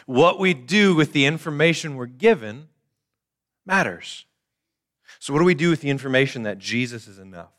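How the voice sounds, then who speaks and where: A man's voice: mid-range voice, a bit bright. A man preaching a conversational sermon to his church, explaining plainly and poking fun at his own jokes. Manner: casual, self-deprecating joking preacher. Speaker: pastor. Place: church service.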